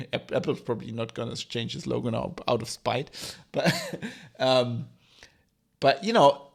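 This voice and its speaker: Gravelly man ranting on a podcast. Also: mid-range voice. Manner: ranting, sarcastic, swears freely. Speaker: podcast host. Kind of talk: solo podcast monologue.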